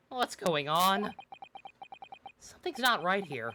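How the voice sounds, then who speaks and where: Expressive man reacting to a game. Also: high-pitched, takes it slowly, creaky, pauses often. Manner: expressive, swearing, reacts loudly. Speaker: streamer playing a game. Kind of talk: let's play commentary.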